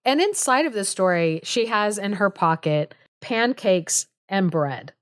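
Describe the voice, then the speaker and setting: A woman's voice: mid-range voice, animated, a little slow, smooth, no room sound, clean studio sound. A young woman co-hosting a podcast, casually retelling a fairy tale with lots of "like" and small laughs. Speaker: podcast co-host. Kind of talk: casual storytelling chat.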